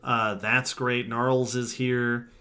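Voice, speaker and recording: Bright-voiced, chatty man co-hosting a podcast. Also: medium pitch, little pitch movement, slow. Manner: rambling, laughs often, reads chat comments aloud. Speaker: podcast co-host. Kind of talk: casual livestream sign-off chat.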